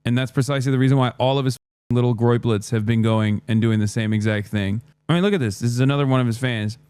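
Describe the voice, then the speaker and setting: An American man giving sarcastic, rapid-fire live-stream political commentary. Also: medium pitch, darkish tone, smooth, no echo. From United States.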